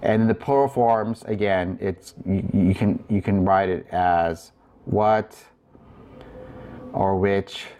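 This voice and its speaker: Slow, low-voiced man teaching grammar. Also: fairly even intonation, mellow. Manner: slow, deliberate explaining with frequent fillers and restarts. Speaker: Greek instructor. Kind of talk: recorded lecture.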